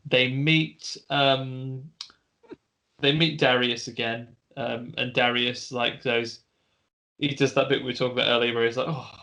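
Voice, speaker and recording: A man's voice: mid-range voice, flat delivery, measured pace, gravelly, sharp tone. Rambling man recapping a film. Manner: rambling retelling with restarts and laughs. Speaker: podcast co-host.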